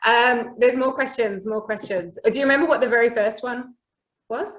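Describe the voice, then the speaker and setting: Relaxed woman host in a roomy space. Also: a little high, normal speed. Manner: relaxed, rambling, laughs at herself. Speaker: host of a chocolate tasting. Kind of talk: casual video-call chat.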